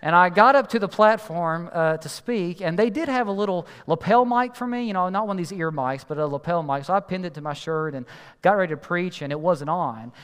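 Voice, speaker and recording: A man doing storytelling stand-up, animated and exasperated as he acts out the people in the story. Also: sits high, clear, resonant tone, long reverb tail.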